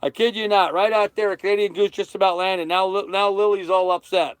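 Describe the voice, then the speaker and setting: A man's voice: high voice, fairly even intonation, fairly quick, smooth, no room sound. Chatty man hosting a boat livestream. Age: 30s. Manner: chatty, thanks viewers by name. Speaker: sailboat livestream host. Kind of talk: casual livestream chat reading comments. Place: on a sailboat cockpit.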